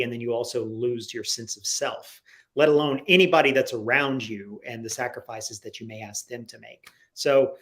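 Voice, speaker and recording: Man, interview guest, animated, rambling, lots of fillers, video call. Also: mid-range voice. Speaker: guest comic writer. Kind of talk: casual interview chat.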